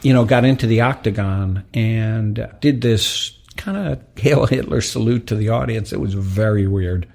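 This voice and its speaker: A man recalls events thoughtfully in a gravelly voice. The tone is husky at a middle pitch. Soft music plays behind him. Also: normal speed, hardly any pauses. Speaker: interviewee. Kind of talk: reflective recollection.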